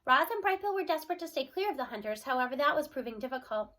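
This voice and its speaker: A woman reading a children's novel aloud with expressive storytelling. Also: high voice, quick pace. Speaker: reader. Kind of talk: children's book read-aloud.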